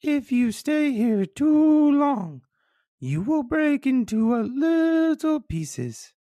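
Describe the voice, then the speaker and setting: A stern father fish in a children's storybook. The voice jumps far above the teller's own into a squeaky, drawn-out warning register. Every word is spaced out slowly and sounds protective and threatening. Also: big pitch swings, dark tone, no room sound, clean studio sound, heavily acted. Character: stern father fish guarding his family. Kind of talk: storybook character voice.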